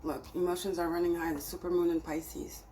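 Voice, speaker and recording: A woman's voice: fairly low pitch, flat delivery, a little fast. A woman doing a tarot reading, talking straight at her viewers in an emphatic, scolding way. Her frustration comes through, and at times she turns to pleading. A faint hiss runs under her voice. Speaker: tarot reader. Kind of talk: spiritual reading to camera.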